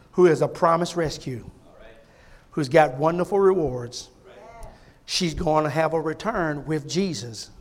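A male pastor delivers a fervent sermon in a fairly high, light voice, pressing his points through repetition and rising volume. He then drops to a near hush to draw the congregation close. Folksy, conversational asides keep it personal. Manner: fervent preaching, swinging between loud emphatic repetition and hushed intimacy.

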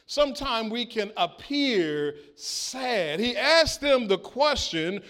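Male preacher, high voice, slow and deliberate, reads scripture and calls for responses. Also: sing-song, fairly bright tone. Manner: slow, deliberate delivery with call-and-response prompts; acts out biblical speakers in quoted voices. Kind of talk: sermon with scripture reading.

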